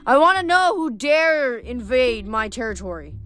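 A woman voicing a gruff, wry male blacksmith god who speaks slowly and deliberately. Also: fairly high pitch, very animated, fairly bright tone, faint music behind. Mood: grave.

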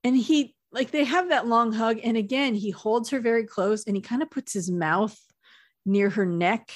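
A woman with a higher-pitched voice casually recaps a TV episode as a podcast co-host, laughing often as she chats at a normal speed. The studio-quality recording has no room sound.

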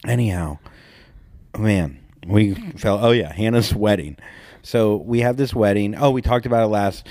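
A man's voice: fairly low pitch, measured pace, a little mellow, no echo, clean studio sound. A man co-hosting a podcast, telling crude, joking stories in casual chat. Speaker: podcast co-host.

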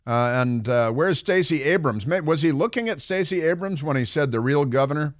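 A man's voice: a little high, expressive, moderate pace, dry recording, studio quality. A man hosting a talk radio show, commenting in a sarcastic, mocking way with frequent restarts.

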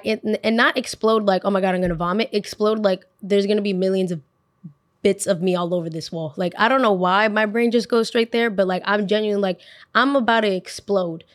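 A woman's voice: medium pitch, no room sound, clean studio sound. A young woman hosting a podcast, telling a dramatic personal story in a casual, chatty way, full of "like". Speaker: podcast host.

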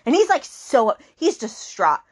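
A woman's voice: fairly high pitch, huge pitch swings, measured pace. A woman hosting a book podcast, recapping the plot in a chatty, rambling way with fillers and acted-out quotes.

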